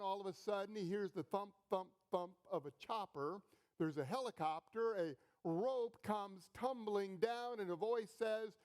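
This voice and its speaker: A middle-aged man preaching a sermon as pastor, storytelling slowly and deliberately with pauses, in a church. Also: high-pitched, darkish tone.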